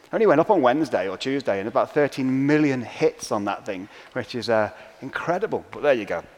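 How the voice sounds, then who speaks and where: A man preaching a sermon in a church, relaxed and conversational, often ending his points with tag questions. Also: mid-range voice, a little fast. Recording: church hall reverb.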